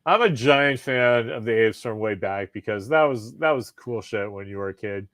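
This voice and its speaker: A man co-hosting a casual podcast chat, animated and profane, often laughing. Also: on the low side, normal speed, dry recording. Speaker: podcast co-host.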